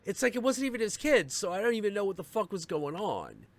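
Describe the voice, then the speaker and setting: A man's voice: sits high, quick pace. A man hosting a live stream, telling a story in a casual, profane rant and acting out the people in it. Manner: animated, profane, acts out voices in his story. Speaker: stream host.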